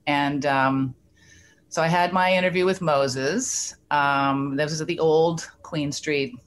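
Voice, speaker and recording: A middle-aged woman from Canada, an interview guest telling a story in a lively, chatty way, acting out the quoted voices and laughing often. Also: deep voice, slow, slight background noise. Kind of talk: casual storytelling.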